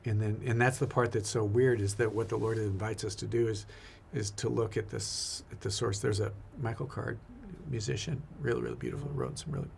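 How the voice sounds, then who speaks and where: Gravelly, earnest priest. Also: male voice, on the low side, fairly even intonation, brisk, few pauses, a little mellow, a little hiss or hum. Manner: earnest, reflective, repeats words often. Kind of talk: casual faith conversation.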